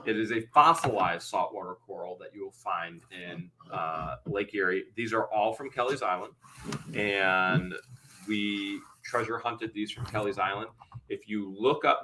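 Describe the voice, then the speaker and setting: A man hosting a live-stream auction, calling out bids quickly and then chatting and explaining the items. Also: on the low side, bright, forceful tone, slight background noise, rough recording. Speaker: host.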